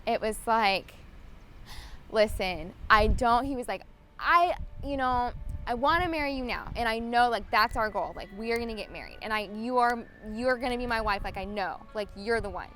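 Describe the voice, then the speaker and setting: A woman's voice: fairly high pitch, moderate pace, fairly bright tone, a little hiss or hum. A young woman, a bride-to-be, talking in a wedding video interview, bubbly and giggly with lots of filler words. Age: young adult.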